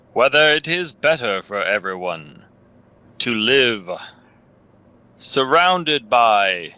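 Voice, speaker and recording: A grim man of faith, as a player puts him on with a bright, tense voice that swoops widely as he drags out each word. He sounds dry and close, as in a tabletop game. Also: medium pitch, dry recording, full character voice, poor audio. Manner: slow, solemn, dramatic delivery.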